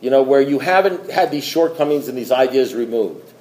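A man's voice: mid-range voice, animated, a little fast, darkish tone, echoey room, poor audio. A middle-aged man giving a personal recovery testimony at a meeting, telling stories and acting out dialogue, laughing often.

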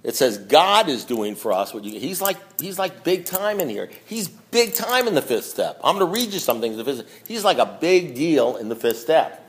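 A man's voice: very animated, moderate pace, few pauses. A man giving a blunt, emphatic talk at a recovery meeting, reading from a book and repeating himself for emphasis. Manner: swings between low asides and loud preaching.

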